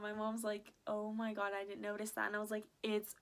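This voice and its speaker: In her casual storytime vlog, a young woman recounts events with animation, filling her speech with "like" and reenacted dialogue. Her medium-pitched voice is gravelly, fairly quick, and has hardly any pauses.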